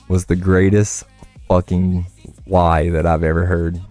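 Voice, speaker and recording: Deep-voiced man rambling on a livestream. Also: level tone, unhurried, dark tone, no echo, faint music behind. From United States. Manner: rambling, profane, says "bro" a lot. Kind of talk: casual chat while gaming.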